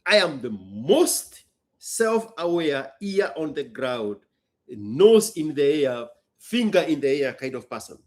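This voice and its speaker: A man's voice: a little high, big pitch swings, takes it slowly. A man, a business owner hosting a casual chat, telling a story emphatically and bluntly. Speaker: business owner and show host.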